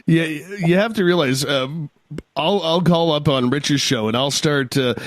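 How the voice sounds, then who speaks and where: A man hosting a call-in radio show, hoarse from a cold and taking calls. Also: fairly high pitch, a little slow, no echo.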